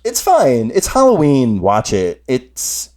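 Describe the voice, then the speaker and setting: A man's voice: medium pitch, wildly swooping pitch, takes it slowly, a crowd in the background. A man from New Jersey co-hosting a podcast in casual chat, gushing with enthusiasm and laughing easily. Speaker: podcast co-host.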